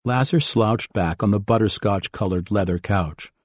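Low-voiced male audiobook narrator. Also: normal speed, no echo. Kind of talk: scripted narration.

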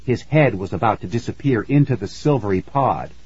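A man narrating a spooky children's story in an expressive storytelling manner, in a slightly muffled recording. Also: on the low side, brisk, husky.

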